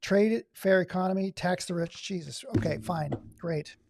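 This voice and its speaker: A man's voice: sits high, fairly even intonation, normal speed, vocal fry, darkish tone, no room sound, studio quality. A man streaming, reading text aloud and riffing on it with sarcastic asides in casual livestream commentary. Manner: sarcastic, reads aloud and riffs.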